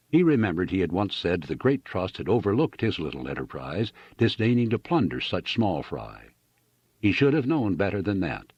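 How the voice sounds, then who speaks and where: A man reading a novel aloud as an audiobook narrator, in an expressive, dramatic style. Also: deep voice, slightly rough, dry recording, dull audio. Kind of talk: scripted narration.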